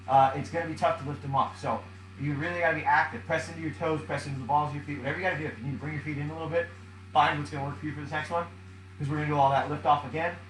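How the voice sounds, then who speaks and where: A man's voice: a little high, fairly bright tone, echoey room, a little hiss or hum, poor audio. A man coaching a home workout as he does it, counting reps aloud, out of breath, with upbeat cues. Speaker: fitness coach. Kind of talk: guiding a workout while doing it.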